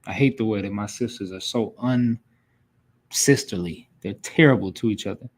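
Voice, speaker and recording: A man's voice: on the low side, normal speed, slightly rough. Blunt, scolding male scripture teacher. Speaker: class instructor. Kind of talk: preaching scripture lesson.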